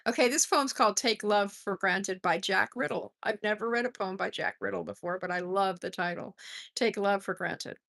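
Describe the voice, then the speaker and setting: A woman's voice: medium pitch, moderate pace, vocal fry, fairly bright tone. A middle-aged woman hosting a poetry livestream, reading poems aloud and chatting with viewers, greeting them by name and laughing at herself.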